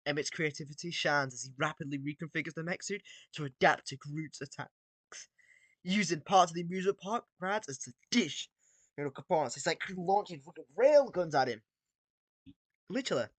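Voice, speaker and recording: A man with a bright, forward voice, recorded close and dry, reads battle text out loud. He delivers it casually, drops asides and the odd swear between sentences. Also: on the high side, lively intonation, brisk, dry recording. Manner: casual, swears and laughs between read lines. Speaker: video creator. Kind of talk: reading out and reacting to AI-written battles.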